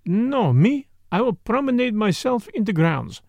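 A man's voice: sits high, big pitch swings, measured pace, vocal fry, a little mellow, dry recording, pitched above the performer's own voice, exaggerated voice. A man voicing a sly, courteous foreign detective who speaks formally and blandly.

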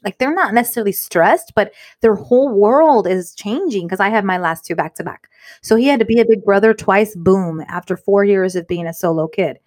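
A woman co-hosting a podcast, a mother of three telling stories in animated casual chat. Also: medium pitch, a little fast. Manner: animated storytelling. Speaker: podcast co-host.

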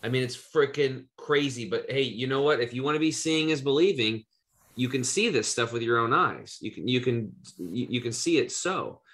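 A man's voice: mid-range voice, expressive, moderate pace, a bit bright. A man from Eastern Oregon hosting a podcast, telling a personal story in loose, rambling casual chat with some swearing. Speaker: podcast host.

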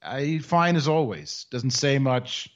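Wry man on a dull lo-fi podcast. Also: mid-range voice. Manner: wry, joking, drawn-out explanations. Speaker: podcast co-host. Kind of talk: casual chat.

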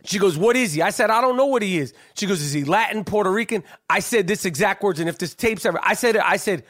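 A man hosting a podcast, telling a story in a lively, profane, casual chat. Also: high-pitched, quick pace. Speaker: podcast host.

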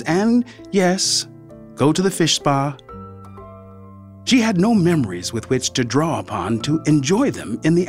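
A male narrator reading a story in a scripted, expressive delivery, his pitch rising and falling in lively swings. He slows on key phrases and sometimes sinks to a near whisper.

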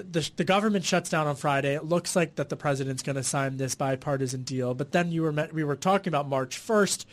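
A Philadelphia-accented man hosts a political radio show in a fairly high voice. He talks with energy and tosses in quick jokey asides between questions. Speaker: radio host.

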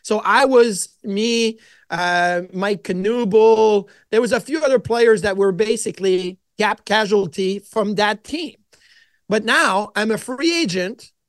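High-voiced man telling animated stories. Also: slow, no room sound. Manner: animated storyteller who acts out his own quotes. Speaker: podcast guest. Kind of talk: casual storytelling interview.

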